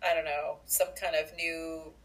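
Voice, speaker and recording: A woman co-hosting a podcast, chatting casually and telling stories with lively asides. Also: deep voice, unhurried, rough recording. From Canada. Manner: chatty, animated storytelling with asides. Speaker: podcast co-host. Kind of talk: casual chat.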